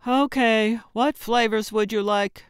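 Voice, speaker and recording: A woman narrator voicing a male drive-through attendant through a speaker box, flat and scripted. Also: on the high side, unhurried, smooth, no room sound, studio quality, pitched above the performer's own voice, lightly acted. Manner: emotionless, scripted.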